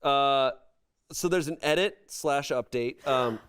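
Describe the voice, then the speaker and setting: A man with a smooth, clear voice at an ordinary middle pitch hosts a relaxed comedy podcast. He reads online posts aloud and breaks off for wry, amused asides. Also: takes it slowly. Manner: wry, amused commentary between read passages. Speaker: podcast host reading online stories aloud. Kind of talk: casual comedic podcast chat and reading aloud.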